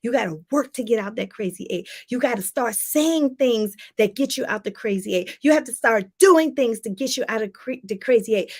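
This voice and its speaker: A woman from Washington, D.C., giving a motivational talk as a life coach, emphatic and repeating her points straight to viewers. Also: high voice.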